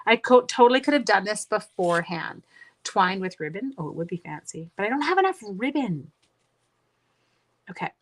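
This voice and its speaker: Middle-aged woman, crafting livestream host, chatty, mid pitch, talks to herself and viewers. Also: fairly bright tone. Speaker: card-making livestream host. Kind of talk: casual livestream crafting chat.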